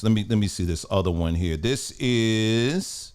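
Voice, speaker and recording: A man's voice: on the low side, unhurried, a little mellow. A middle-aged man hosting a casual news commentary show, rambling, muttering to himself and laughing often. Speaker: host.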